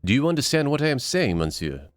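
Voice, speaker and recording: Man doing a smooth con-man noble with fake accent. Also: medium pitch, sing-song, fast talker, dry recording, soft background music, voice pushed up, close to an everyday voice. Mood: conspiratorial. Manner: theatrical fake foreign accent, courtly.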